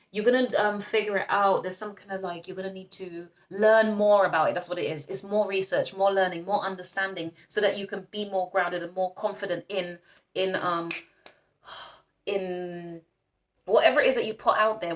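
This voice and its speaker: Excitable woman reading tarot. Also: medium pitch. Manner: excitable, laughs often, calls viewers honey and darling. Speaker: tarot reader. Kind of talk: casual tarot reading to camera.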